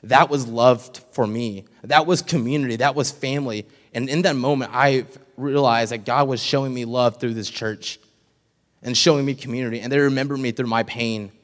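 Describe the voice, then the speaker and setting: A young man in his early twenties giving an earnest, emotional personal testimony to a church congregation, pausing now and then with ums. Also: mid-range voice, steady tone. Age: young adult. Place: church sanctuary. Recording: long hall reverb in a church.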